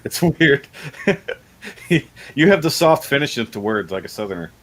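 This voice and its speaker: A man's voice: mid-range voice, sing-song, measured pace, a bit bright, rough recording. A man hosting a casual livestream chat, rambling and laughing often. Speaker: livestream host.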